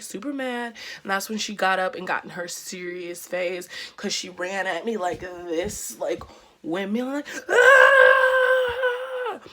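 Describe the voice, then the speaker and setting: Young woman telling a wild storytime vlog, slangy and animated, kinda low voice. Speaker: vlogger.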